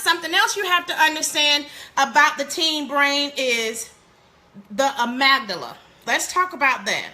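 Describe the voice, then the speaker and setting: High, bright-voiced woman hosting a parenting talk. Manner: animated and preachy, laughing often, speaking straight to viewers. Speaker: parenting show host. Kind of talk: live-streamed parenting talk.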